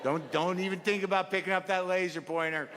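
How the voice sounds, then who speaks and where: A male comedian voicing two weary old retired house cats in a flat, unimpressed way, on stage before a laughing crowd. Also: sits high, a little fast, heavy background noise, pitched above the performer's own voice, lightly acted. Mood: jaded.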